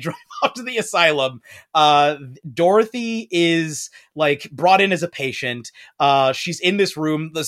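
A man hosting a podcast, telling a story in a casual chat and acting out the quoted lines in high voices. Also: a bit bright. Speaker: podcast host.

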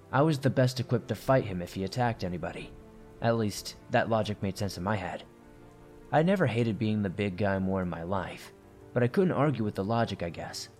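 Man, horror story narrator, low voice, steady tense delivery, soft music underneath. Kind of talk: first-person horror story reading.

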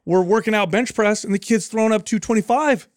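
Male trainer co-host, a bit high, laid-back anecdotes, dry sound. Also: a little fast, no room sound. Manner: relaxed anecdotal, swears casually. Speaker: podcast co-host, fitness trainer. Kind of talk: casual chat.

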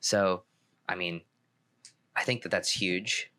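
A man with a fairly low voice co-hosts a podcast and chats casually about pickleball. He talks loosely and rambles, often restarting his sentences before settling on a point. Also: takes it slowly. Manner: relaxed, rambling with frequent restarts. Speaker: podcast co-host, pro pickleball player.

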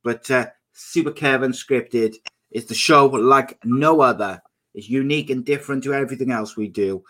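A man hosting a podcast, running through a quick intro and then reading out viewer comments in casual chat. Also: mid-range voice, bright, forceful tone. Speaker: podcast host.

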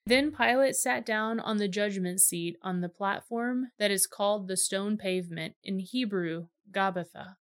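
A woman reads a scripture passage aloud. Her voice sits in a middle pitch, and her narration is plain and steady. She keeps the pace even. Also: a little slow, few pauses. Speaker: scripture reader. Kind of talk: scripture reading.

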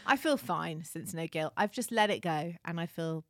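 A woman's voice: on the low side, lively intonation, normal speed, fairly bright tone, dry recording, clean studio sound. A woman co-hosting a podcast in casual, teasing chat. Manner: teasing, playful, laughs often. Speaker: podcast co-host.

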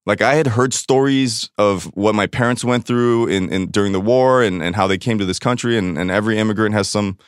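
A man's voice: fairly low pitch, brisk, few pauses, clear, resonant tone, no room sound. Man, podcast guest, blunt and profane, acts out quotes, dry close sound. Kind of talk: casual podcast chat.

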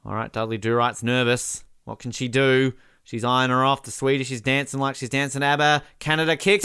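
A man doing casual, joking commentary while watching a match, with bursts of excited shouting at big moments. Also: mid-range voice, fairly quick, smooth, no room sound, clean studio sound. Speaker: podcast co-host.

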